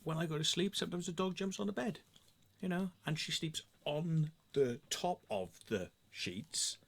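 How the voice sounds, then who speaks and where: A middle-aged English man telling a story in a sweary, sarcastic, animated rant to camera. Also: on the low side, gravelly. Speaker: vlogger. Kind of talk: casual ranting monologue.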